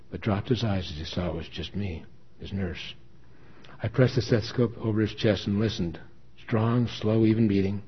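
A man's voice: on the low side, breathy edge. A man reading a dramatic first-person story with earnest emotion. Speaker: story reader. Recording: dull lo-fi recording.

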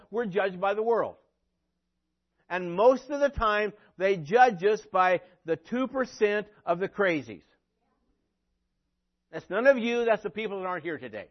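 A man preaching a sermon as pastor, swinging from emphatic peaks to quiet, dry sarcastic asides. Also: high-pitched, lo-fi sound.

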